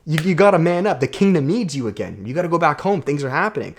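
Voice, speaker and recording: A man doing a cranky old monkey mentor, loud and higher than his usual voice, barking rough slang at a lazy youngster. The figure is blunt and pushy with no patience. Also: expressive, fast talker. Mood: scolding.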